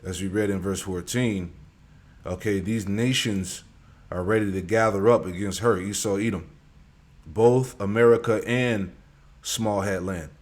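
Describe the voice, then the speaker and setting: A man's voice: on the low side, measured pace. A man giving preachy commentary on scripture, peppering his talk with "all right" and "man".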